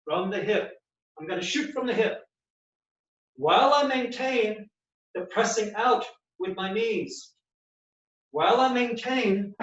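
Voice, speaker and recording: Seorang pria bersuara tinggi memperagakan latihan lutut, terdengar jauh dan bergema di ruangan, suara agak redup. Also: male voice, high voice, fairly bright tone. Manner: instructive, explains while demonstrating movements. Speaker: physical therapist. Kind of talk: exercise demonstration. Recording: echoey, distant, dull sound.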